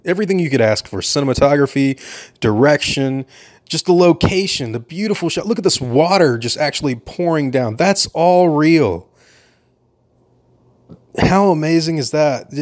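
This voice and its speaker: Excited man giving casual film commentary. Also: medium pitch. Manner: enthusiastic, chatty, laughs often.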